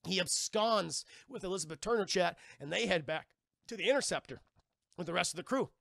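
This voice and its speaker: A man's voice: high voice, animated, fairly quick, gravelly, fairly bright tone, dry recording, clean studio sound. A man streaming, retelling a movie to his chat in a rambling, profane way. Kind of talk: casual movie recap to chat.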